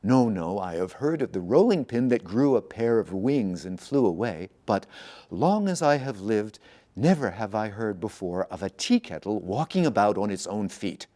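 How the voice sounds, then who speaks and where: A man's voice: lowish voice, sing-song, normal speed, warm tone. A man voicing a fussy, drowsy old temple priest in a storybook reading. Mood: scoffing. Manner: doubting, scolding.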